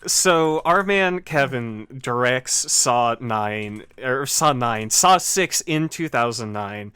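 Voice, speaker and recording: A man's voice: medium pitch, expressive, takes it slowly, bright, forceful tone, clear, resonant tone, no room sound. A man hosting a casual podcast chat, riffing with enthusiastic, profane humor. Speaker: podcast host.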